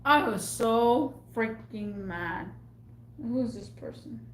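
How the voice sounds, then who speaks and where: A woman's voice: a little high, takes it slowly, a little hiss or hum. A young woman vlogger telling a rambling, exasperated story at home in a casual rant. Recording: echoey room.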